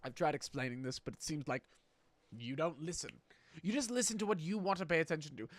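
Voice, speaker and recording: A man's voice: on the high side, brisk, dry recording. A man streaming a game, playing a boastful chef persona with theatrical, pompous, profane rants.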